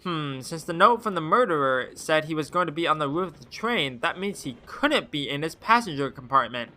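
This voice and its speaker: A streamer reading a game's narration aloud and tossing in wry, deadpan asides. His voice is a touch high and swings in a lively way. The tone is very bright and forceful. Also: brisk.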